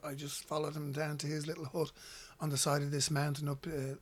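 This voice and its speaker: An Irish man with an Irish accent appears as a guest, telling personal stories in a loose, rambling way and repeating words as he starts sentences. His voice is a little high, his delivery flat and fairly quick.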